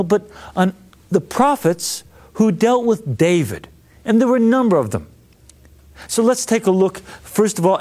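A man's voice: sits high, a little mellow. A man who is a priest giving a Bible lesson, teaching in an enthusiastic, conversational way.

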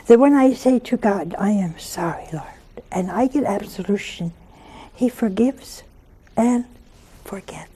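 A woman giving a Catholic homily, telling conversational stories with gentle humor. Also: medium pitch. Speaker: Catholic religious speaker. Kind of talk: homily with anecdotes.

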